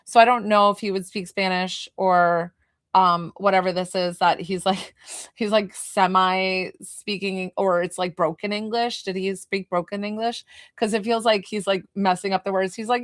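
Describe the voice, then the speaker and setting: A woman's voice: mid-range voice, fairly even intonation, normal speed, no echo, studio quality. Chatty woman medium on a live stream. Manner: chatty, emotional, laughs often. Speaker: spiritual medium and healer. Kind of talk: casual live-stream reading.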